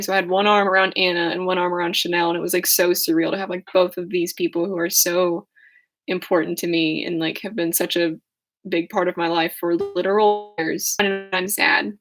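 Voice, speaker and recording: Hoarse, giggly young woman livestreaming. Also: lowish voice, fairly bright tone. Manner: rambling, giggly, self-deprecating. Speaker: livestream host. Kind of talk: casual livestream chat.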